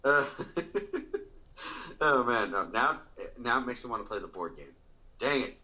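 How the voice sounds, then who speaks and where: A man's voice: medium pitch, expressive, unhurried. A man co-hosting a podcast, laughing often as he reminisces in casual chat. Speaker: podcast co-host. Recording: dull lo-fi podcast audio.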